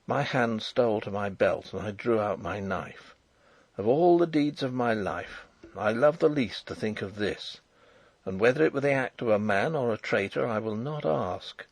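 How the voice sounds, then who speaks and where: A man reading a novel aloud as an audiobook narrator, in a measured, dramatic storytelling manner. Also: on the low side, animated, no room sound. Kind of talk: first-person audiobook narration.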